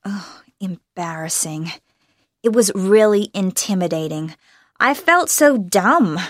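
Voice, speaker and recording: A woman's voice: mid-range voice, big pitch swings, a little slow, no echo, studio quality. A young American woman from Los Angeles, an actress answering interview questions in a bubbly way and laughing often. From Los Angeles, USA.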